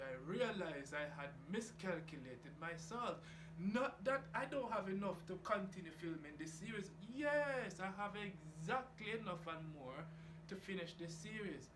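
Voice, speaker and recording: A man rambling casually about his aquarium hobby, laid-back and swearing freely. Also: high voice. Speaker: reef tank hobbyist vlogger. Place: home room by an aquarium, door open to outside. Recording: echoey room with outdoor noise. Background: geese and outdoor ambience.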